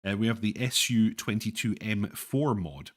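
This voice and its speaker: A man hosting a casual livestream chat, relaxed and self-deprecating, hesitating with fillers. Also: on the low side, moderate pace. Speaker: stream host.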